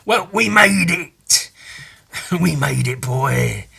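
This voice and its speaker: A man's voice: fairly high pitch, lively intonation, takes it slowly, creaky, bright, forceful tone, husky, heavily acted. A man putting on a stern old comic-book mentor. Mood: gruff. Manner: commanding, calls the hero boy.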